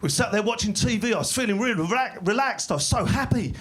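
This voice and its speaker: A man doing stand-up comedy in a small club, delivering dry, deadpan one-liners that break into sudden shouted bursts. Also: high voice, quick pace. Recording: live club recording with audience laughter. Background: crowd laughing.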